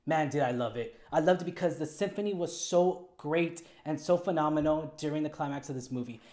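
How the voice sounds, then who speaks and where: A man's voice: fairly high pitch, brisk, a little mellow. A young man hosting a casual solo movie review, talking in an upbeat, chatty way with lots of asides and little jokes.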